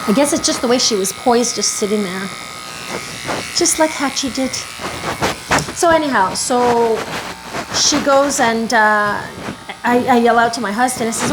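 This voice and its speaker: While grooming a dog in her home grooming room, a woman who hosts videos spins a long, meandering tale full of self-corrections, breaking off at times to calm the dog. Her voice is a little high, her pace moderate with frequent pauses, and there's background noise.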